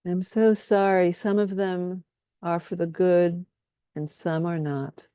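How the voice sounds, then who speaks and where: Woman workshop leader, calm guided-healing delivery, dry close sound, lowish pitch. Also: clear, resonant tone, dry recording. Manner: slow, soothing, leads repeated statements.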